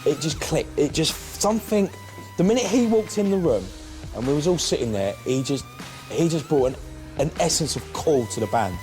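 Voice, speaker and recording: A man's voice: fairly high pitch, moderate pace. A man from a pop band telling stories animatedly, acting out what people said. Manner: animated storytelling, acts out quotes. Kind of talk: interview. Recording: music under interview.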